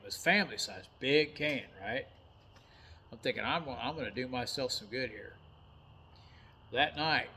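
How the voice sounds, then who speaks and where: A man's voice: medium pitch, fairly bright tone, a little hiss or hum. A man of about fifty, a truck driver, telling a personal story in a blunt, folksy way with some mild cursing.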